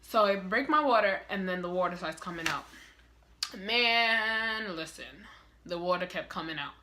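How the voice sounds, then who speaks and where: A young woman telling a story in a casual vlog, animated and heavy on swearing. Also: mid-range voice, moderate pace, a little hiss or hum. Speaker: vlogger.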